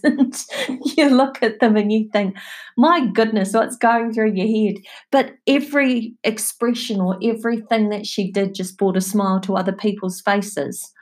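A middle-aged woman hosting a podcast, sharing personal stories in a chatty, heartfelt way and laughing softly now and then. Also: medium pitch. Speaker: podcast host. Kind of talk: reflective personal talk.

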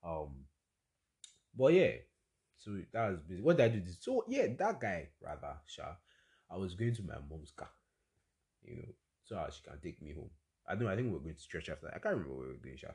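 A young man with a Nigerian accent hosting a casual solo storytelling podcast, chatty and exclamatory with quick asides. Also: low voice, big pitch swings, darkish tone. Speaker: podcast host.

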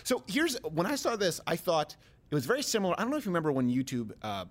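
A man hosts a talk show with rapid, bouncing delivery. His pitch sits a little high and swings widely as he jokes and riffs. Loose, casual banter throughout. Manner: animated, quick, joking asides. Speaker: host.

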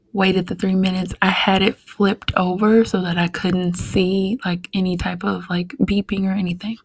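A young woman, a podcast guest, telling a personal story in a soft-spoken, heartfelt way with many fillers. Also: medium pitch, gravelly, poor audio.

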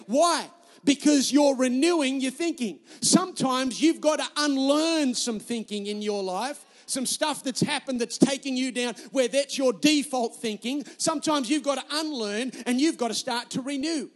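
Male pastor, very high voice, emphatic repetitive preacher telling stories. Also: normal speed, big-room sound. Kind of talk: sermon.

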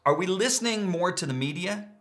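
A middle-aged pastor preaching a sermon, emphatic and repeating key words for stress. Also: male voice, high voice, expressive, fairly quick, a bit bright.

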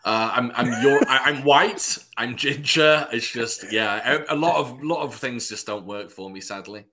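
A man's voice: medium pitch, measured pace, pushed and bright. A man co-hosting a podcast in casual chat, joking around and laughing easily. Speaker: podcast co-host.

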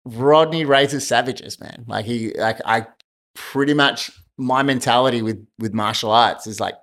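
A man's voice: mid-range voice, measured pace, a bit bright. A man telling a fight story in a casual chat, swearing and laughing often. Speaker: guest, martial arts fighter.

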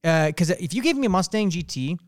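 A man with a slightly high voice rattles through his points at a brisk clip, emphatic and opinionated, often restarting his sentences. He talks close to the mic in a dry, dead room. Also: big pitch swings, no echo. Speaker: podcast co-host. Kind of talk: casual car talk chat.

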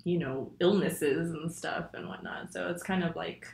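A woman's voice: lowish voice, normal speed, vocal fry, a little mellow. A young woman, a student, chatting casually and rambling with lots of ums and likes. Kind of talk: casual chat. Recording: echoey room.

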